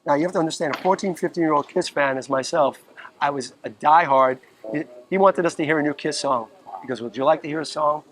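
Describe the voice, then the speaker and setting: A fast talker with a fairly high pitch, this Bronx man is a musician guest spinning casual stories outdoors in a park. The audio has a little hiss or hum, and he's animated and profane, acting out the quotes.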